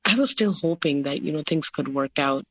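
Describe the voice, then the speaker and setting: A woman's voice: low-pitched, normal speed, no echo, dull audio. A woman, a podcast guest, recounting a personal story in a rambling way, with many fillers and quoted dialogue. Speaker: guest sharing her story.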